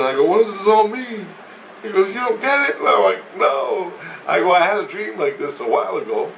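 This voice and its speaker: A man with a slightly high, gravelly voice retells a dream in loose, wandering fashion, laughing often and repeating "he goes" as he relays a conversation. The recording sounds roomy, with him set back from the mic, faint ambience and a little hiss or hum.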